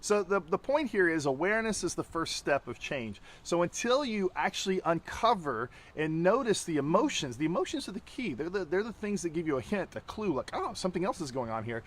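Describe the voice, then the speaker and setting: Lively high-voiced man teaching. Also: brisk, hardly any pauses. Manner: animated, acts out quoted lines. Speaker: tantra teacher. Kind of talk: casual teaching chat.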